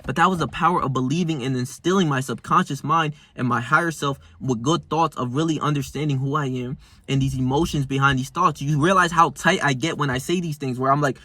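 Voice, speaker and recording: A young man in his twenties rambles through a casual vlog in slangy, swearing talk. His voice sits a bit high, and the recording is dry and close. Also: brisk, hardly any pauses, sharp tone, no echo. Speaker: self-help vlogger.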